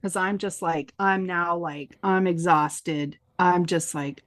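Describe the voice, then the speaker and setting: In a fairly low-pitched voice and at a slow pace, a woman tells a story while co-hosting a podcast. The chat is casual, and she animatedly acts out the quoted voices.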